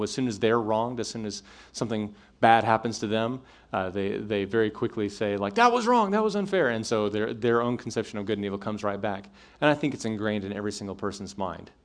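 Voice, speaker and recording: Guy talking to college students, lots of ums and restarts, keeps checking if they're following. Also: on the low side. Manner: conversational, frequent fillers and restarts, checks in with listeners. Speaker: speaker addressing college students. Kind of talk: apologetics talk to a live audience.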